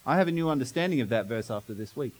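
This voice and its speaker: A man's voice: medium pitch, lively intonation, racing, low-quality recording. A man preaching a sermon as pastor, telling the story dramatically and asking the congregation questions.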